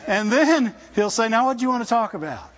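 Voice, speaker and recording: A man's voice: very high-pitched, expressive, fairly quick, fairly bright tone. A man preaching a sermon in a conversational, folksy way, often asking his listeners rhetorical questions. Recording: dull lo-fi recording.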